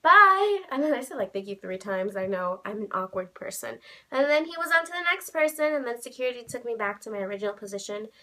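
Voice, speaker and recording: A young woman chatting straight to her vlog camera in a high, bright voice. She tells the story in gushing bursts full of "like", and her voice jumps even higher whenever she acts out what she said. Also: quick pace. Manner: gushing, heavy use of "like", bursts of squealing quotes. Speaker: vlogger.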